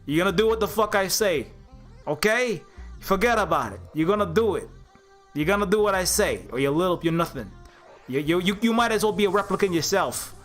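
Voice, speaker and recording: Man putting on a New York mob boss, put-on accent, menacing, pushy, high voice. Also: expressive, fairly quick, fairly bright tone, soft background music. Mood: bullying. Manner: threatening, repeats "okay?" and "forget about it".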